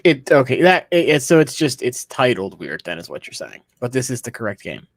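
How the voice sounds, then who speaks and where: A man's voice: mid-range voice, very animated, fairly quick, no room sound. Male co-host, laid-back explainer, reads text aloud; dry close recording. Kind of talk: casual chat.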